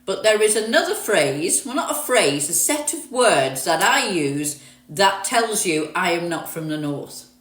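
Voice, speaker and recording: On a phone-recorded livestream, a middle-aged woman from London reads out viewer comments and replies casually. Her southern English accent is partly mixed with northern, and her fairly low voice has a sing-song, fairly bright quality, moving a little slowly. The room is echoey and she's recorded from a distance.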